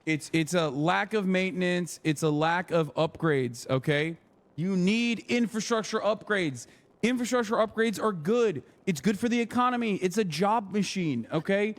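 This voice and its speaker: Higher-voiced man ranting on a stream. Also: moderate pace. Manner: profane, emphatic ranting. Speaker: livestreamer. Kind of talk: livestream political commentary.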